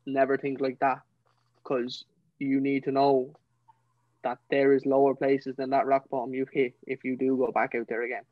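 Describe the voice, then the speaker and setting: Earnest young Dublin man, flat-toned storytelling. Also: medium pitch, normal speed, dry recording, narrow, tinny audio. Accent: Dublin Irish. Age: young adult. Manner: earnest, emotional, fills talk with "you know". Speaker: podcast guest. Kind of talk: personal storytelling.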